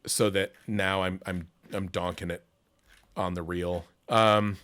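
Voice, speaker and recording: Middle-aged male stream host, rambling and animated, mid pitch. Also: slow, clear, resonant tone. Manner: rambling, many fillers and restarts, animated storytelling. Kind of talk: casual livestream interview.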